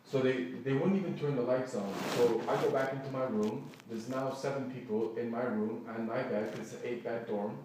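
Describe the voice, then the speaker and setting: A man's voice: mid-range voice, steady tone, normal speed, few pauses, dark tone, far from the mic, slight background noise. A man rambles through an upset account of what happened to him, restarting sentences and acting out what others said. He sits well back from the microphone in a strongly echoing room, with faint room ambience behind him. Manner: rambling, quotes people in his retelling, restarts often. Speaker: man recounting a complaint. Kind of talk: agitated first-person account. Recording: echoey room, voice from off-mic.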